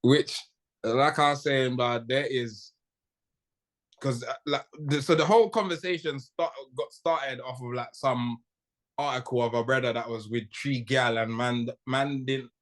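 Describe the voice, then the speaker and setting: A man's voice: medium pitch, unhurried. A young man, co-hosting a podcast and riffing in a joking, slangy way. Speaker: podcast co-host. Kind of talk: casual chat.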